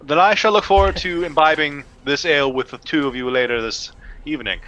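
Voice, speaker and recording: A man's voice: a little high, fairly quick, bright, forceful tone, rough recording. A man playing a formal, mannered adventurer with a dry, sarcastic edge, in a tabletop game.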